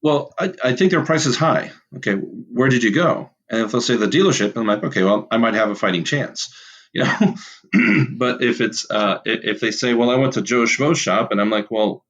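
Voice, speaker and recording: A man's voice: lowish voice, moderate pace, fairly bright tone. A man who owns an auto repair shop, a guest on a podcast, talking casually. He often restarts his sentences and acts out his talks with customers.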